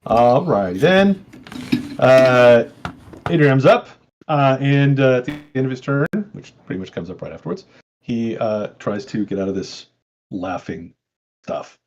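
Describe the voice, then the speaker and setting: A man narrating a tabletop game as game master, in a relaxed, chatty way with many fillers. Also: medium pitch, measured pace, slight background noise.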